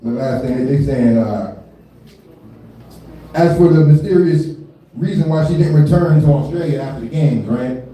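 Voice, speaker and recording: On stage at a live comedy venue, a man in his thirties riffs loosely and profanely, laughing often and relying on filler tags. His slightly high, mellow voice moves at normal speed with frequent pauses, recorded from afar in an echoey space with a bit of background noise.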